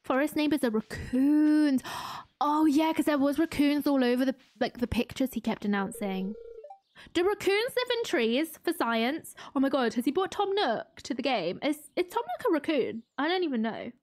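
A woman's voice: high-pitched, sing-song, moderate pace, a little mellow. A young woman streaming a farming game, gushing and self-mocking as she chats to her viewers. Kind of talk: excitable live-stream commentary.

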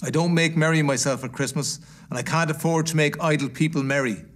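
A man voicing a bitter, miserly old man, speaking low, gruff and clipped. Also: steady tone, brisk, natural voice. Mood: scornful.

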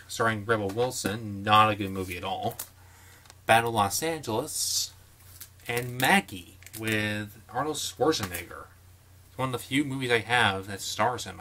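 A chatty young man with a bright, forceful voice, tossing off jokey asides and quick opinions in a casual vlog. A faint hiss of noise sits under his voice. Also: fairly low pitch. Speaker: collector showing his movie collection.

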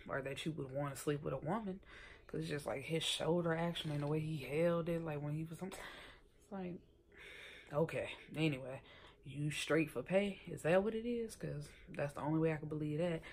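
A woman casually recapping a TV episode in a sassy, chatty way, often acting out the characters' lines in a higher voice. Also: gravelly, slight background noise. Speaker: TV episode reviewer.

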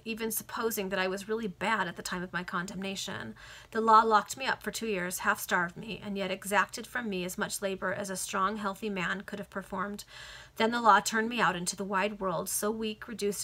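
A woman's voice: medium pitch, pushed and bright. A woman earnestly reading a Victorian novel aloud to friends over a video call, now and then correcting a slip. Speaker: reader.

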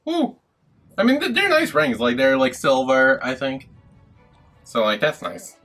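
A man giving casual, animated reaction commentary while he watches a show. He swears freely and breaks into laughing asides. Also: mid-range voice, a little slow, soft background music. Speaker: reaction video host.

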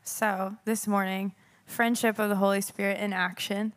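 Woman worship leader, mid pitch, earnest and thoughtful, kinda searching for words. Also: level tone, moderate pace. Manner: reflective, searching for words, emphatic about faith. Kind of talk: earnest spiritual teaching.

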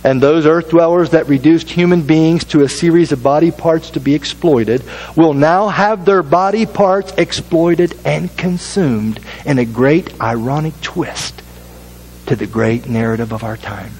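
A man preaching a sermon as pastor, repeating phrases for effect and dropping to a low hush at solemn lines. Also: a little slow, a little hiss or hum, poor audio.

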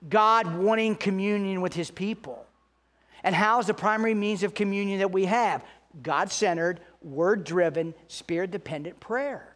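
A pastor preaching a sermon, earnest, slowing down and lifting his voice to stress key points. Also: sits high, fairly bright tone. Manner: earnest preaching, slows and rises for emphasis.

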